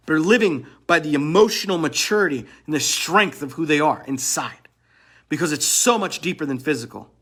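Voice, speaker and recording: Guy giving a blunt pep talk to men, kinda husky, a bit high for a dude, swears a lot. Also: fairly bright tone. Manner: blunt, swears, repeats phrases for emphasis. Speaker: men's relationship coach. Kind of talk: motivational monologue.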